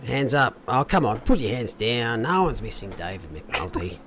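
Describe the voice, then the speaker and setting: A man's voice: mid-range voice, very animated, normal speed, fairly bright tone, a little hiss or hum. A man casually commentating an online sim race, chatty and joking. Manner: chatty, joking, giving advice.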